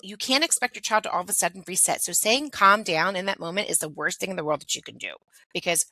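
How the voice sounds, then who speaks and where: A woman's voice: fairly low pitch, expressive, quick pace, fairly bright tone, dry recording, poor audio. A middle-aged woman, a pediatric occupational therapist, explaining things in a conversational interview, often adding "like" and "right?". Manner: explanatory, peppers speech with "like" and "right?".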